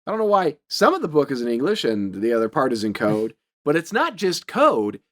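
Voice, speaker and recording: A man's voice: mid-range voice, huge pitch swings, fairly quick, fairly bright tone. A young man co-hosting a podcast, casually recapping a horror movie, swearing and laughing often. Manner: swearing, laughing often, quoting lines in silly voices.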